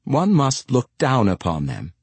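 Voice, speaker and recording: A man's voice: medium pitch, huge pitch swings, measured pace, husky, dry recording, voice pushed up, heavily acted. A man voicing a haughty, snobbish noblewoman who speaks with scorn. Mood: scornful. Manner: scornful, sneering.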